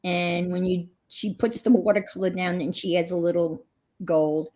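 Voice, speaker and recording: A woman's voice: lowish voice, fairly even intonation, normal speed, warm tone. A woman hosting a crafting livestream, chatting casually in a rambling way. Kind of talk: casual chat. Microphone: computer mic on a livestream.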